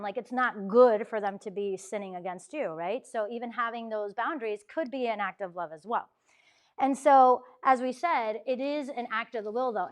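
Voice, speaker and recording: Chatty woman giving a lively faith talk. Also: a little high. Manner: chatty, acts out quotes, frequent "right?". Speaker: campus ministry speaker.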